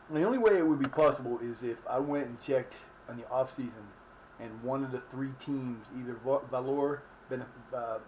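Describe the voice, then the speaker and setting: A man chats casually through a live game stream, rambling and restarting his sentences as he thinks aloud. His pitch sits in the ordinary middle range. The audio is a little dull, with a faint hiss underneath. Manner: rambling, many restarts and fillers. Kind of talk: casual live gameplay commentary.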